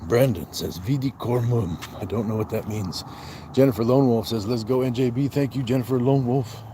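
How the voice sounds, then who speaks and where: A man hosts a casual livestream in a medium-pitched voice at a moderate pace, with background noise behind him. He jokes around, greets viewers by name, reads chat comments aloud, and counts out his push-ups.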